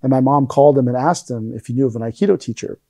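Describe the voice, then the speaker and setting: A man's voice: medium pitch, racing, creaky, warm tone, no echo. A middle-aged man telling stories in a casual interview, acting out the lines he quotes. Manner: rambling anecdotes, acts out quoted lines. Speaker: interview guest, aikido teacher.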